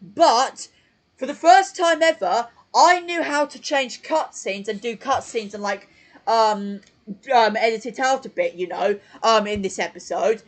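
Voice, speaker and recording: A male channel host gives casual live-stream commentary from home into his desk mic, rambling with plenty of fillers and self-corrections. His voice is extremely high and a little slow, and the audio quality is poor.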